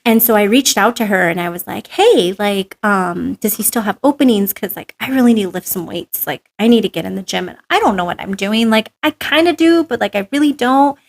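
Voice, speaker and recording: A woman's voice: mid-range voice, brisk, gravelly, few pauses. Chatty New woman storyteller. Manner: animated storyteller, filler-heavy "like", acts out quotes. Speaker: podcast guest. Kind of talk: casual interview chat.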